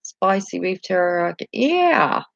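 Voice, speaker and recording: A woman's voice: on the low side, big pitch swings, slow, creaky, no echo, dull audio. A woman with a Southern American accent chatting casually on a live stream, reading and answering viewer comments in a homey, talkative way and laughing easily. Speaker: channel host reading live chat.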